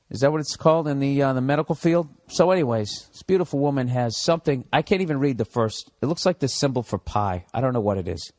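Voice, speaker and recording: A man's voice: medium pitch, darkish tone, no echo, clean studio sound. A middle-aged man with a Boston accent ranting solo on his podcast, profane and sarcastic, asking and answering his own questions. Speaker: podcast host. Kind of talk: solo comedic rant.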